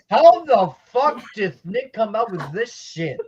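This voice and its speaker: A playful co-host in casual chat whose pitch moves widely. The audio is dull and lo-fi, like a cheap microphone. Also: sing-song, slow pace, hardly any pauses, darkish tone.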